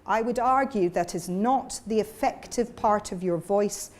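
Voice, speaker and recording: Speaking in a medium-pitched, darkish voice at an unhurried pace, a woman runs a live voice workshop as a vocal coach. She lectures and keeps pausing to demonstrate the sounds with live exercises.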